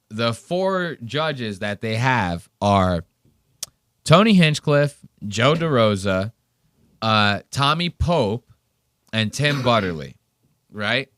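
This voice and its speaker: A man hosts a podcast and reacts to comedy clips in a loose, profane, mocking way. His voice is smooth and resonant. He sits close to a dry mic with no room sound. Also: mid-range voice, no echo. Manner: profane, sarcastic, animated storytelling. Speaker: podcast host. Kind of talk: casual commentary on clips.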